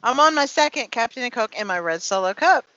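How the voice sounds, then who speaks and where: A woman's voice: fairly high pitch, lively intonation, fairly quick, pushed and bright, no echo. A tipsy woman author being interviewed on a video call, giggling, swearing and rambling. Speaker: author guest. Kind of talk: casual podcast interview. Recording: dry, dull lo-fi call audio.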